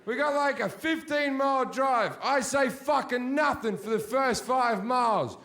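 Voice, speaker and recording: A man in his thirties doing a stand-up comedy set in a big theatre, with a profane, ranting delivery that often swells into shouting. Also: extremely high pitch, a little slow. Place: large sold-out theatre.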